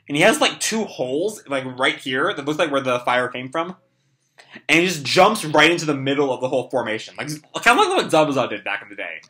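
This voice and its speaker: A young man with a hoarse, worn voice reads through a comic chapter live, rambling with constant "like" and "uh" in a relaxed, unscripted fan reaction. He sounds a little high and brisk, and his tone stays bright despite the strain.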